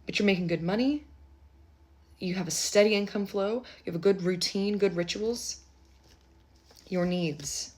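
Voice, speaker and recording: A woman giving a casual live tarot reading, chatty and rambling, with offhand asides and quiet muttering. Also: medium pitch, a little slow, pauses often. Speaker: tarot reader.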